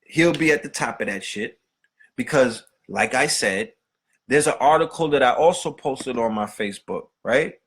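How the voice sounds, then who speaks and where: A man's voice: mid-range voice, animated, normal speed, a bit bright, husky. A man hosting a podcast, delivering a profane, streetwise rant full of rhetorical questions. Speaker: podcast host. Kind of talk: unscripted monologue.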